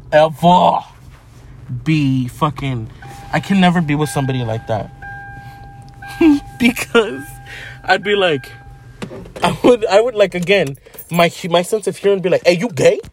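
A man's voice: fairly high pitch, a little hiss or hum. A young man talking casually and profanely in a brash, joking manner from a parked car. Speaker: vlogger. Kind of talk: casual monologue vlog.

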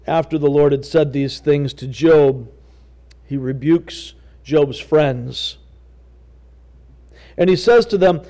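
A male pastor preaching a sermon in a church, deliberate and emphatic, leading his congregation to repeat after him. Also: high-pitched, lively intonation, a little mellow. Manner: deliberate, emphatic, leads the congregation in call-and-response.

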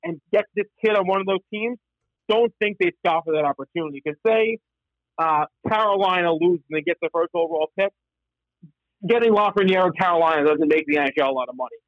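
A man's voice: high-pitched, no room sound, dull audio. A man talking hockey in a casual panel chat, stumbling and restarting as he argues his points. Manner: halting, many restarts.

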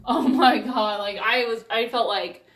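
Young mom rambling to camera, chatty and candid, lots of likes and ums. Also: female voice, on the high side, steady tone, a little slow, a little hiss or hum. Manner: candid and chatty, with many fillers and restarts. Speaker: mother vlogger. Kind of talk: casual chat to camera.

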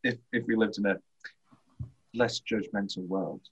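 A man's voice: lowish voice, steady tone, a little slow, slightly rough. A man co-hosting a casual film podcast, rambling and interrupting himself, often laughing mid-sentence. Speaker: podcast co-host. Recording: dull lo-fi podcast audio.

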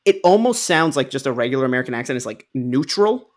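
A man from New York co-hosting a casual film chat podcast, quick and half-joking. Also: medium pitch, very animated. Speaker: podcast co-host. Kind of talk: casual chat about films.

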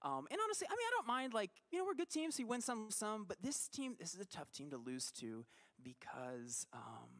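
A man preaching a conversational sermon, telling a personal story with animated swings between quiet asides and loud bursts. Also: high voice, fairly quick. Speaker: pastor.

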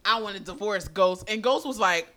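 A woman co-hosting a casual podcast chat, talking in animated, slangy, profane banter. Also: mid-range voice, moderate pace. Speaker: podcast co-host.

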